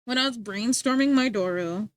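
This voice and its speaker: Chatty woman streaming, high voice, giggles a lot, dry close sound. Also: moderate pace, no echo. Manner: chatty, giggly, lots of filler words. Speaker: livestreamer. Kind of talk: casual chat with viewers.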